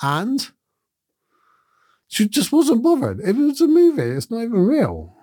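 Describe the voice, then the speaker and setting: A man's voice: very high voice, huge pitch swings, unhurried, dark tone, dry recording, clean studio sound. A middle-aged man, a podcast host, giving a thoughtful and earnest reflective monologue in a conversational way.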